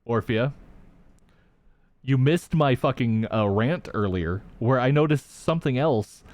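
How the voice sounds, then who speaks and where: This young man is streaming a tabletop game, chatting casually with his chat and ranting in an animated way with plenty of swearing. His voice sits in the mid range, his pace is a little slow, and there's no echo.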